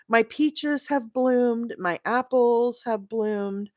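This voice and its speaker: A woman's voice: a little high, drawn-out words, few pauses, a little mellow, no echo, studio quality. A middle-aged woman from the American South chatting casually with viewers while crocheting, laughing often and greeting people by name. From South Alabama. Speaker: crochet livestream host.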